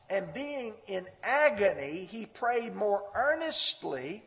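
A man preaching a sermon in a church sanctuary, his high voice ringing out as the sound carries into a long reverb. He takes his time, leaning hard into scripture with earnest, fervent pleading. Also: big pitch swings, takes it slowly, creaky, hardly any pauses, fairly bright tone.

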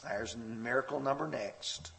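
A man preaching a sermon, telling a story expressively and leaping up in pitch when he quotes scripture. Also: measured pace, gravelly, pushed and bright. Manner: storytelling with a personal anecdote. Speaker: pastor.

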